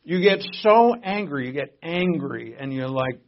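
A middle-aged man preaching a sermon as a pastor, conversational and joking, swinging between loud emphasis and quiet asides. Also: fairly high pitch, lively intonation, unhurried, muffled recording.

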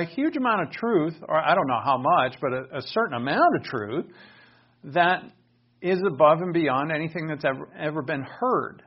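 A man's voice: fairly high pitch, slightly rough. A man preaching a sermon in an earnest, explanatory way, asking his listeners questions. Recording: dull lo-fi recording.

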